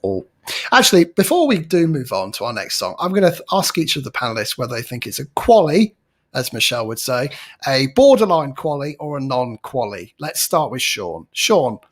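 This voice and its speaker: A man's voice: mid-range voice, very animated, brisk. A man hosting a panel show, playful and upbeat as he presents. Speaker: host.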